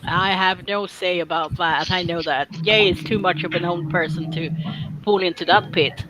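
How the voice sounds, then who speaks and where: A woman's voice: lowish voice, steady tone, normal speed, background noise. A woman co-hosting a live stream from a woodworking workshop, reading viewer chat aloud and teasing in casual talk.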